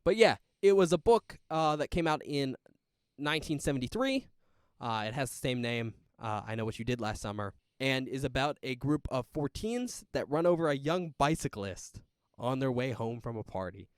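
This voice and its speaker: A man co-hosting a casual podcast about a horror film, talking in a chatty, animated way and laughing often. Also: medium pitch, normal speed, smooth, dry recording, clean studio sound. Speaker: podcast co-host. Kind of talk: casual movie chat.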